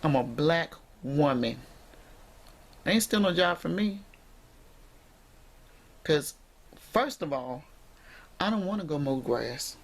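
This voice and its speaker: A woman's voice: deep voice, lively intonation, slow pace, pauses often. A woman vlogger talking straight to camera in an emphatic, preachy way, speaking directly to her viewers from indoors at home on the camera mic.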